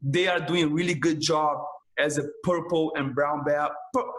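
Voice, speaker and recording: A Brazilian jiu-jitsu instructor, whose first language is Portuguese, chats as a podcast guest, telling stories casually in broken English with a Brazilian Portuguese accent. His high, lively voice moves at normal speed, often breaking off and restarting phrases and leaning hard on "man." The room is roomy, with a clear echo.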